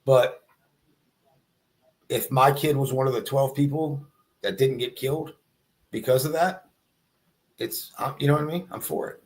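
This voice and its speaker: A man, a police officer guest, talking casually on a livestream in a measured, halting way with many fillers. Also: mid-range voice. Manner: halting, lots of fillers, measured, sees both sides.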